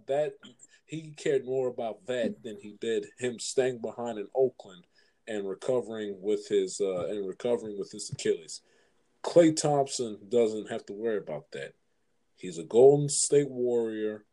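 A man hosting a casual sports chat, halting and repeating words as he asks his guest for opinions. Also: medium pitch, dark tone, poor audio. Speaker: host.

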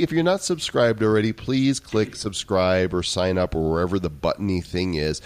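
A man's voice: low voice, expressive, a little slow, hardly any pauses, dry recording. A man hosting a casual podcast, joking around and slipping into sing-song bits. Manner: playful, jokey, slips into sing-song. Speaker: podcast host.

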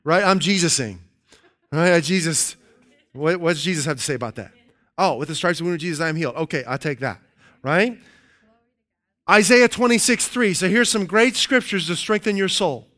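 A man preaching a sermon, emphatic and playful, repeating key phrases and reading scripture slowly. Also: fairly high pitch, pushed and bright. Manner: playful asides, chuckles at his own jokes.

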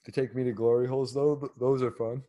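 A man's voice: mid-range voice, little pitch movement, fast, mellow, dull audio. A man co-hosting a casual chat, reading news aloud and cracking crude jokes, laughing often. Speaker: podcast co-host.

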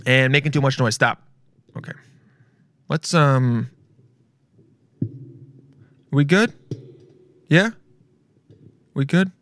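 Loud, excitable man hosting a podcast. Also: mid-range voice, slow pace, long pauses. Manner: loud, excitable, swearing, rambling. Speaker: podcast host. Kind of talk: casual solo podcast chat.

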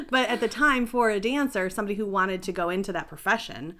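A woman's voice: medium pitch, very animated, fairly quick, pushed and bright. A middle-aged woman, a health and life coach, telling her story in a chatty, rambling, self-deprecating way as a podcast guest. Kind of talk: casual interview storytelling.

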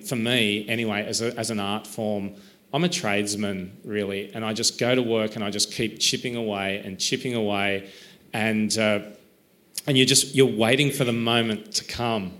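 A man's voice: on the low side, a bit bright. A man talking as an author in an interview, thoughtful and self-deprecating, rambling a little with restarts. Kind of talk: reflective conversational interview.

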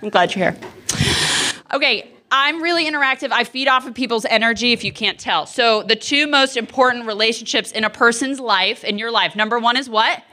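A woman's voice: fairly high pitch, brisk, few pauses, sharp tone, slight background noise. A woman in her thirties on ministry staff giving an interactive Bible talk to students, chatty and full of questions for the group. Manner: chatty and audience-engaging, asks questions. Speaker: campus ministry staff speaker.

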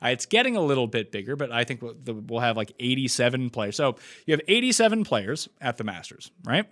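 A man from Nova Scotia, Canada, hosts a casual live-stream chat in a blunt, joking, rambling way. His medium-pitched voice is fairly bright, moves a little fast and swings widely in pitch.

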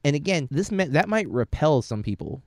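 Animated, sarcastic young man chatting. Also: fairly high pitch, normal speed, gravelly, no echo, studio quality. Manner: animated, sarcastic, acts out quotes. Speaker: co-host reviewing a movie; teacher. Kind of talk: casual chat.

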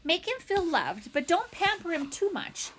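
A woman's voice: extremely high pitch, sing-song, moderate pace, slight background noise, pitched above the performer's own voice. A woman voicing an old gray female goose who squawks blunt, scolding advice in a storybook reading. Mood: brisk.

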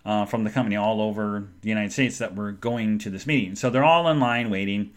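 With a voice on the low side and a slightly quick pace, a podcast host spins a long, rambling, chatty story. He acts out the voices of those he quotes along the way.

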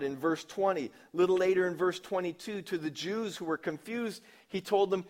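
A man preaching a sermon, asking his listeners questions and acting out quoted lines, with wide swings from loud emphatic lines to low quiet asides. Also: moderate pace. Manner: asks the congregation questions and acts out quoted lines. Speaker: pastor.

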